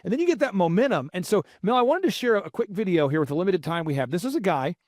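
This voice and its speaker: A man's voice: high-pitched, expressive, fast talker, darkish tone, no room sound, clean studio sound. A man hosting a business podcast as a coach, talking emphatically, repeating key points and listing steps. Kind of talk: motivational podcast talk.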